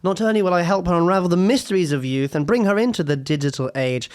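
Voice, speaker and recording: A man's voice: sits high, fast talker, a little mellow, clean tone. A young man hosting a casual podcast with his mother, playful and jokey. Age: young adult. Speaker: podcast host. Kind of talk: casual chat.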